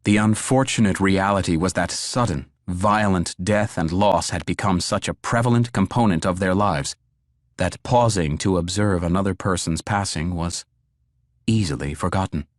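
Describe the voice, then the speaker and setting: An audiobook is narrated by a man with a deep voice, his storytelling measured and even. Dry, clean studio recording.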